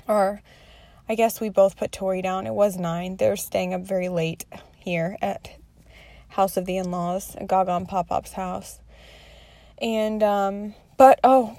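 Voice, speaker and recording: A woman's voice: medium pitch, creaky, darkish tone, no room sound. A woman in her thirties talking candidly through her day in a rambling, confessional vlog, swearing freely. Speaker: mother sharing her day.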